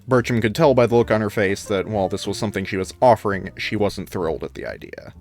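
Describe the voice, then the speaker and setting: Low-voiced guy reading out a story, dry delivery, soft guitar behind. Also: fast, hardly any pauses. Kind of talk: reading a comedic fan story aloud. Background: faint guitar music.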